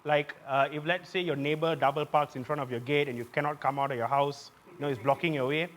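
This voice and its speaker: A man's voice: a little high, fairly even intonation, quick pace. Malaysian man hosting a satirical stand-up set. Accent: Malaysian English. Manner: punchy, shouts punchlines. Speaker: comedy show host. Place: live theatre stage. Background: audience laughter.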